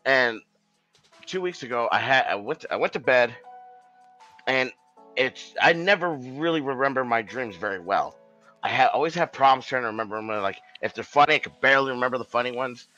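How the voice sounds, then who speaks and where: Guy rambling thru a story on a podcast, cusses a lot, keeps restarting, bright voice, faint music under it. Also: mid-range voice, animated, a little fast, dull audio. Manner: rambling, swearing, many restarts. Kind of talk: casual storytelling.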